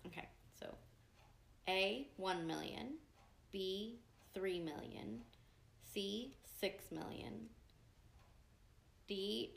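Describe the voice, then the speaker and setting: A young woman co-hosts a podcast, chatting casually and laughing as she reads out quiz questions like a playful quizmaster. Her mid-range voice moves very slowly, with vocal fry and frequent pauses. The room is echoey, with a faint hiss underneath.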